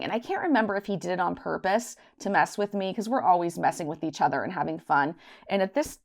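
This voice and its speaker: A middle-aged woman with a fairly low voice chats straight to her viewers in a casual story time. She rambles, backtracks and loses her thread, and she jumps into bright little impressions of everyone in the tale. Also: creaky. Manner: chatty, rambling, acts out voices in her anecdotes. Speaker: budgeting channel host.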